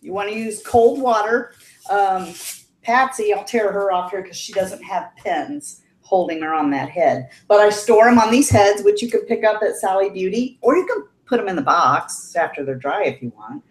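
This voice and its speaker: A woman's voice: medium pitch, moderate pace. Chatty laughing middle-aged woman, roomy sound. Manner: chatty, laughs often, animated quoting. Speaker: guest on a livestream. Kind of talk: casual storytelling chat.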